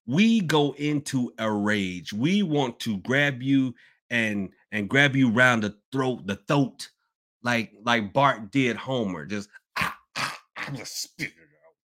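Rambling man hosting a podcast. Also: medium pitch. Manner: rambling, animated, swings between loud outbursts and mutters. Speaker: podcast host. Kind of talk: casual live Q&A chat.

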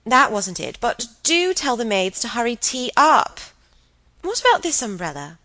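A woman reading as an excitable young woman, gushing. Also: fairly high pitch, normal speed, no room sound, voice pushed up. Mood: chattering. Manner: breathless, gushing chatter.

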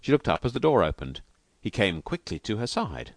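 A man reading a novel aloud as an audiobook with expressive delivery. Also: lowish voice, a little fast, no echo. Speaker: audiobook reader. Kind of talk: audiobook narration.

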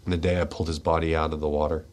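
A low-voiced man hosts a radio show and speaks straight from the gut. He is tearful and his voice shakes. He swings between forceful bursts and hushed, heavy words in a raw, confessional monologue. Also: level tone, very fast. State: tearful and shaky. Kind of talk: emotional personal monologue. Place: radio studio.

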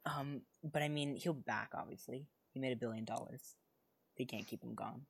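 A podcast co-host in casual chat, talking in an excitable, rambling way with many fillers and restarts. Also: mid-range voice, normal speed, gravelly, husky.

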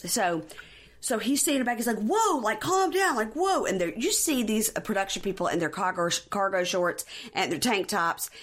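A woman hosting a podcast, telling a reality TV story in lively casual chat and acting out the quotes. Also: on the low side. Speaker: podcast host.

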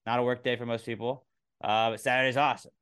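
Man, podcast host, casual rambling chat, smooth clear voice, medium pitch. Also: level tone, quick pace, a bit bright. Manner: loose and rambling, swears casually.

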